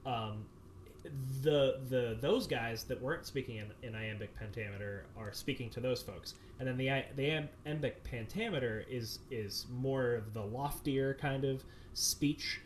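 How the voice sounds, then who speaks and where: A man speaks over a video call, explaining his decisions in loose, meandering answers. His voice sits at a middle pitch, and he keeps circling back with fillers and restarts. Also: measured pace, slight background noise. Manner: rambling, many fillers and restarts. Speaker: director of a community theater production.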